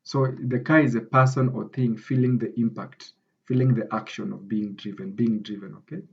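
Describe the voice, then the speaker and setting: A man's voice: lowish voice, steady tone, normal speed, gravelly, highs cut off. A man with a Kenyan English accent explaining grammar as a tutor, often checking in with "okay?". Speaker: academic writing tutor. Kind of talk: screen-recorded grammar lesson.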